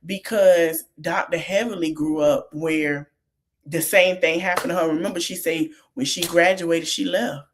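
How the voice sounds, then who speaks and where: A woman's voice: on the low side, steady tone, a little slow, slight background noise. Chatty woman podcaster recapping reality TV. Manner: chatty, Southern-tinged slang, laughs often. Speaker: podcast host.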